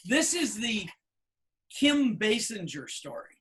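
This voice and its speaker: A man in his fifties, a podcast co-host, telling anecdotes in a casual, animated way with plenty of fillers. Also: sits high, takes it slowly. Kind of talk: casual storytelling chat.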